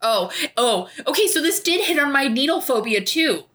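Animated rambling woman with a bright voice. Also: sits high, moderate pace. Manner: animated, rambling, many sighs and groans. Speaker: book club podcast co-host. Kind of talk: casual book discussion.

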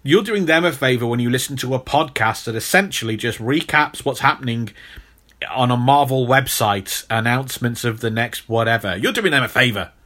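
A young British man co-hosting a podcast, talking in a playful, animated and mock-stern way. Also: medium pitch, normal speed. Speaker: podcast co-host. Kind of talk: casual podcast chat.

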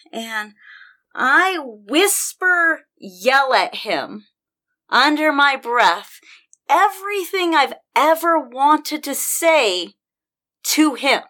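A woman's voice: high-pitched, animated, slow, pushed and bright. A woman in casual conversation, telling a personal story with passion and vivid detail. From Denver. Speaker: podcast guest storyteller.

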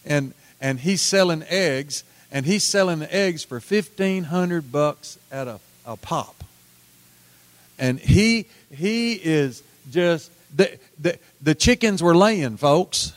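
A middle-aged man preaching a sermon, telling folksy stories with repeated words and swings from loud to hushed. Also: a little high, lively intonation, slow pace, no room sound. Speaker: pastor.

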